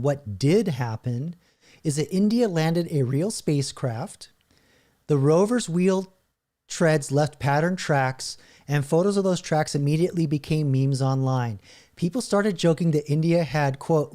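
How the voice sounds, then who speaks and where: A man's voice: on the high side, a little slow, mellow. A middle-aged man hosting a casual reaction video, chuckling often as he reads chatbot answers aloud. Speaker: channel host.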